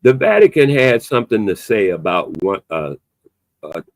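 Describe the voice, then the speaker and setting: A man, hosting an opinionated podcast chat in an emphatic, animated way. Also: on the low side, normal speed, no room sound. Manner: animated, emphatic, loose conversational delivery with a playful edge. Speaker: podcast host.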